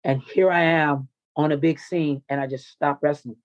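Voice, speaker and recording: A man's voice: a little high, fairly even intonation, moderate pace, dry recording, dull audio. A man who coaches wrestling tells a raw personal story in an interview, intense, confessional and full of swearing.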